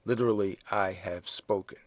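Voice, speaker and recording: A man teaching a French lesson in English, explaining grammar slowly and spelling out words letter by letter. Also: lowish voice, steady tone, dry recording. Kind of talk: slow classroom explanation.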